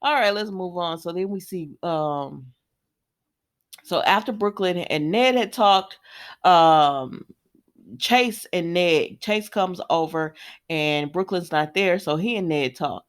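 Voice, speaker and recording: A woman's voice: on the low side, slow pace. A woman, casually recapping a soap opera episode, chatty, laughing often and slipping into voices for the characters.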